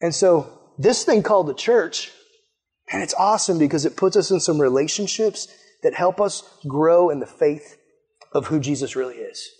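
A man's voice: on the high side, expressive, normal speed, a little mellow, slightly rough. A man preaching a casual sermon to young people, enthusiastic and chatty, often saying "like" and "man". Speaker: youth pastor.

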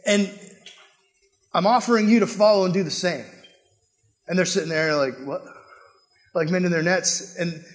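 High-voiced casual young youth pastor. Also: male voice. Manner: casual, animated youth preaching with acted-out quotes. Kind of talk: sermon.

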